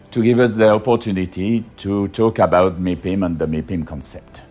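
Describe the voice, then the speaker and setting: A man's voice: sits low, darkish tone, husky. A man with a French accent, giving a hesitant interview testimony full of fillers and restarts. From France.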